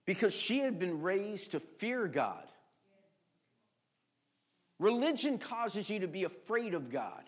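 High-voiced preacher swinging from shouts to hush. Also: male voice, big pitch swings, slow pace, pauses often, husky. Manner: swings from shouting to near-quiet storytelling; calls on the congregation with questions. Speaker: pastor. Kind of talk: sermon.

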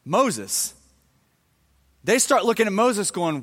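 Higher-voiced man preaching in a reverberant hall. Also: expressive, moderate pace, a bit bright. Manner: conversational, retells scripture in everyday slang. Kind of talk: casual Bible-story sermon.

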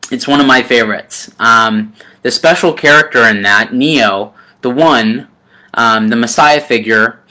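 A man delivers a sermon in a gentle, personal manner, often calling his listeners friend. His delivery is slow and drawn out, with frequent ums and pauses. His voice has a clear, bright edge. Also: medium pitch. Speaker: preacher.

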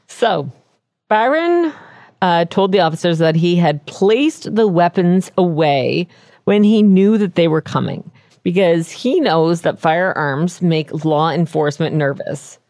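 A woman's voice: fairly low pitch, lively intonation, takes it slowly, darkish tone, dry recording, clean studio sound. A woman co-hosting a casual true-crime podcast chat, laughing often as she tells the story. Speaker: podcast co-host.

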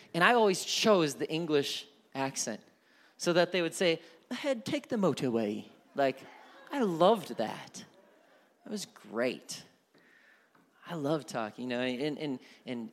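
A man with a high voice preaches a sermon from the pulpit. He swings from hushed, almost whispered lines to loud, emphatic calls. He repeats words for emphasis as he builds. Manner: builds from soft near-whisper to shouted fervor. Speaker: pastor.

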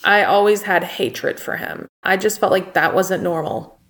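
A woman's voice: fairly low pitch, normal speed, a bit bright. A young woman, a guest in an interview, telling her own story in a candid, plainspoken way. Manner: candid and plainspoken, recounting events.

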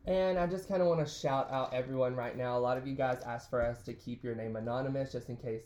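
A Southern American man co-hosting a relaxed chat show, reading stories out loud in an animated way. He is from Alabama, and his pitch sits right in the middle. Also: fast talker, echoey room. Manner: animated storyteller, playful voices for quotes. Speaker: podcast co-host, hairstylist.

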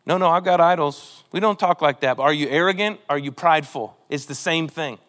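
Guy preaching in church, fairly high voice, lively, does little voices for the quotes. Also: brisk. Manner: animated, acts out quotes in character voices. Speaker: pastor. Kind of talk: sermon.

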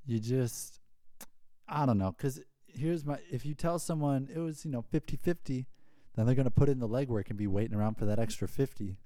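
Animated man telling stories, dry mic. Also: brisk, no echo. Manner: animated storyteller, squeaky voices for his younger self. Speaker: podcast co-host. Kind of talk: casual storytelling chat.

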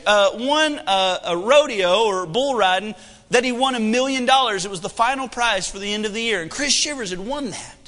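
A young preacher tells a story from the pulpit in a high, bright, ringing voice. He talks in a folksy, animated way, and his energy rises and falls. The sound carries a long echo from the hall. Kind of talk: sermon storytelling.

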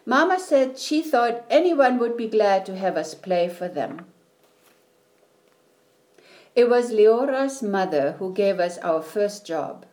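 Lady reading a kids storybook, gentle, takes her time. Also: mid-range voice, expressive, slow pace. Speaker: reader. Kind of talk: storybook read-aloud.

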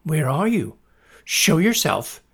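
A man's voice: fairly high pitch, lively intonation, measured pace, vocal fry, breathy edge, pitched above the performer's own voice, heavily acted. A man voicing a small, stubborn young girl who talks back in a raised voice. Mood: defiant.

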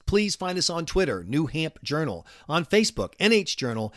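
Male podcast host, political commentary, animated and wry, fairly high voice. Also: normal speed, hardly any pauses. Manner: animated, jokey, mock-exasperated asides.

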